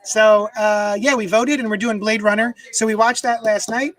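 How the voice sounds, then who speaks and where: A man's voice: sits high, fairly even intonation, normal speed, poor audio. A man casually chatting on a live stream from his home desk, rambling and reading viewer comments aloud into a desk microphone. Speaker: comics unboxing streamer.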